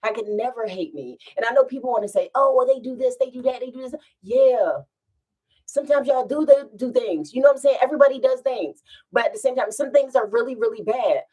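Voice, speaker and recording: A woman vlogger with a medium-pitched voice and a breathy edge chats casually at home. She rambles through an animated story and laughs often along the way.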